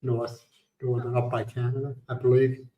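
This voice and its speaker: A man's voice: mid-range voice, completely flat delivery, normal speed, reverberant, lo-fi sound. A middle-aged man hosting a livestream, telling stories in casual chat and laughing at his own punchlines. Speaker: livestream host.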